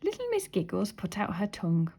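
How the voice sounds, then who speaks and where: A woman reading a children's storybook aloud, expressive with soft whispered asides. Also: mid-range voice, fairly quick, slightly rough. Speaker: story reader.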